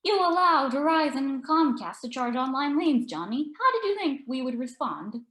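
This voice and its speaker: A woman's voice: sits high, big pitch swings, normal speed, a bit bright, voice pushed up. A woman voicing a brash, sardonic female TV host, speaking in a mocking, theatrical way in an echoey room.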